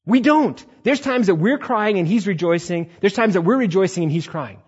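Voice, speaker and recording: A male pastor giving a conversational sermon, acting out quotes in sudden high bursts, with a husky voice. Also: expressive, moderate pace, highs cut off.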